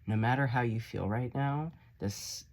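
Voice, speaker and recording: A man's voice: medium pitch, measured pace. A man giving a casual tarot reading, blunt and profane, playful and encouraging as he talks the listener through the cards. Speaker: tarot reader.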